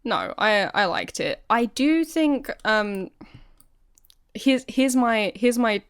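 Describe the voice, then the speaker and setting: A woman's voice: fairly high pitch, sing-song, slow, clean tone, no echo, studio quality. A woman co-hosting a podcast in frank, casual chat, using lots of fillers. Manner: laughs easily, casual and frank, filler-heavy. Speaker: podcast co-host.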